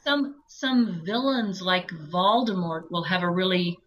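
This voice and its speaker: A woman with a low voice, an audiobook narrator talking through her approach in a chatty, explanatory interview. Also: measured pace, rough recording. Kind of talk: conversational interview.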